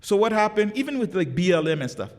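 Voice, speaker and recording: A man's voice: high-pitched, big pitch swings, fast talker. A man giving a religious sermon, telling stories with passion and acting out the quoted speech. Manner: impassioned storytelling, acts out quoted speech. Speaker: sheikh giving a religious lecture. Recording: long hall reverb.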